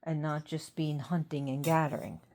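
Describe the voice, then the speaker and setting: A tired woman talking casually about an old god, rambling and pausing to think. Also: low voice, level tone, a little mellow, a little hiss or hum. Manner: rambling, unhurried, pauses to think. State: tired, yawning. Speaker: host of a mythology talk. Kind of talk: casual talk to camera.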